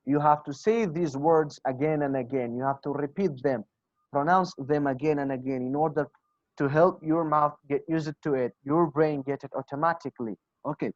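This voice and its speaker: A man's voice: fairly high pitch, normal speed, no echo. A man with a Kurdish accent leads an online English pronunciation lesson. He patiently repeats each example phrase again and again. The video call audio is dull and dry. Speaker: English teacher.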